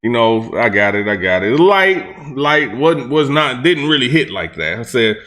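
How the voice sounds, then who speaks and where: A man's voice: medium pitch, big pitch swings, unhurried, a bit bright. A man hosting a reaction channel who talks in casual slang, breaks down battle rap lines, often repeats himself and restarts his sentences.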